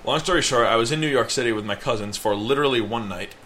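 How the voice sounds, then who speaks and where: A man's voice: mid-range voice, fast talker, sharp tone. A young man co-hosting a podcast, telling a long rambling story in casual chat. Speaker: podcast co-host.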